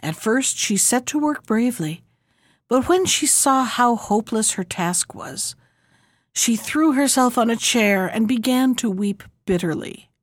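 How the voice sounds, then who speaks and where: A woman narrating a fairy tale with a fairly high voice, expressive and measured. The recording is dry and close. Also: no room sound. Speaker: storyteller. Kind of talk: storybook reading.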